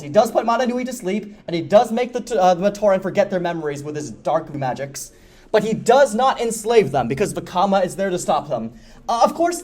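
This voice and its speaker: A man speaking at a convention panel, enthusiastically explaining a story's lore with quick jokes. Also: sits high, darkish tone. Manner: fast, enthusiastic, self-deprecating jokes. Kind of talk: energetic lore explainer talk.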